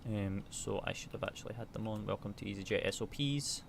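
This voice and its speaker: Chatty low-voiced man streaming a flight sim. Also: a little fast, creaky, a little hiss or hum. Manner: chatty, reads checklist numbers and answers chat aloud. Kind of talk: casual chat while flying a simulator.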